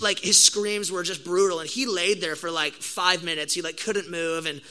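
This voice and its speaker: A young adult man giving a sermon, opening with a casual, animated story full of slang before turning to the message. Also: high-pitched, brisk, hardly any pauses, low-quality recording. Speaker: pastor.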